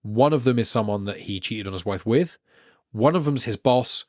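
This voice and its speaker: A man's voice: lowish voice, moderate pace, no echo. Guy chatting on a podcast, rambles a lot, voice drops off at the end of lines, dry close sound. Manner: rambling, trails off quietly at phrase ends. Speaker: podcast guest. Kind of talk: casual podcast chat.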